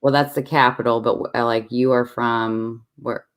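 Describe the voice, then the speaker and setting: Livestream host, medium pitch, casual chat, easygoing, thinks aloud. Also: steady tone, moderate pace, smooth. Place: home with many devices running.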